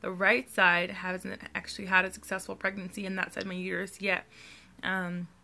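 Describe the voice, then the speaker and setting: A woman's voice: medium pitch, little pitch movement, normal speed, creaky, sharp tone. A young adult woman speaking candidly and earnestly in a personal video diary, addressing her viewers directly. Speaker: vlogger.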